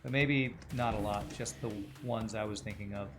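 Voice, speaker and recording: A man's voice: lowish voice, fairly even intonation, normal speed, over music. A man streaming a video game, chatting casually with viewers and musing aloud about voices and accents as he plays. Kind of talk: casual gaming livestream chat.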